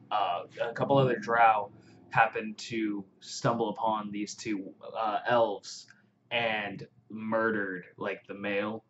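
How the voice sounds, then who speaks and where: A young man excitedly recapping a fantasy novel in a rambling vlog, full of fillers and swearing. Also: fairly low pitch, a little hiss or hum. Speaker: vlogger. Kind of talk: casual book recap. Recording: dull lo-fi audio.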